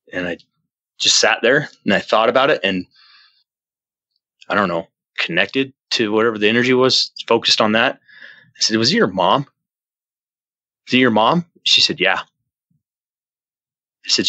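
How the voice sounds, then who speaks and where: A man telling a personal story as a podcast guest, earnest and rambling, with many restarts, jumping up in pitch when he acts out his own past lines. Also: sharp tone, dry recording, low-quality recording. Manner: earnest, rambling retelling with frequent restarts and fillers. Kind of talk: casual storytelling in an interview.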